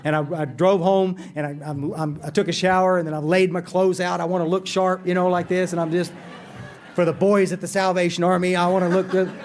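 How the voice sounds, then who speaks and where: A man speaks to a recovery conference in a voice pitched well above most men's. He tells his story in an earnest, self-mocking way. His sentences often stall and start over. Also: level tone, a little fast, darkish tone, a little hiss or hum. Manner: earnest, self-deprecating storyteller with frequent restarts. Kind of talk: recovery meeting talk, storytelling. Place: conference hall.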